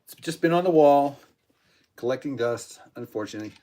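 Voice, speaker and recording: A man talks to his viewers in a loose, rambling way. He repeats words and acts out other people's lines as he tells a story. His voice sits at an ordinary middle pitch. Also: expressive, brisk, noisy background. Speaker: podcast host, cigar box guitar builder. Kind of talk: casual chat with live chat viewers.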